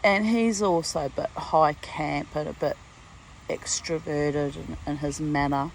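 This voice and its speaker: A woman's voice: low-pitched, steady tone, measured pace, gravelly, slight background noise, poor audio. A woman in her sixties from Australia, telling a rambling personal story at home, full of asides and laughs. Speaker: vlogger. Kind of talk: casual storytelling monologue. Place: at home near a garden.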